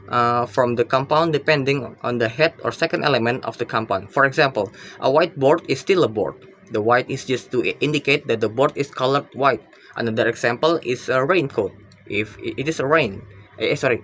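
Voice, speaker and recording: A man, reading a class project aloud in a halting way, with frequent fillers, restarts and self-corrections. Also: mid-range voice, fairly bright tone. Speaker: student presenting a linguistics project. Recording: faint background noise.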